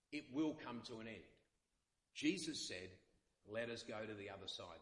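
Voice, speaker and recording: A man's voice: fairly low pitch, fairly bright tone, reverberant. A male pastor, possibly, delivering an earnest sermon with many repeated phrases. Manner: earnest, repetitive preaching with dramatic quotes.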